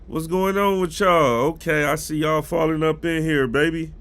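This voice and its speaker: A man's voice: fairly high pitch, fairly even intonation, normal speed, fairly bright tone. A man with a cold and a stuffy nose, chatting casually with his live-stream viewers about football news. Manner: chatty, greets chat viewers directly.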